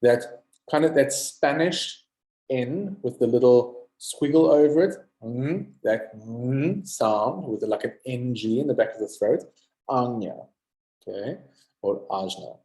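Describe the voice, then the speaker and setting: A man teaching a recorded yoga lesson, slowly repeating Sanskrit terms and having listeners say them back. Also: medium pitch, lively intonation, warm tone, echoey room, rough recording. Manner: drills pronunciation, repeats words slowly and asks listeners to say them.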